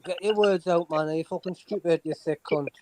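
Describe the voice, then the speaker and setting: A man heckling on a livestream panel, hurling insults and swearing. His voice sits high for a man. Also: steady tone, brisk, a crowd in the background.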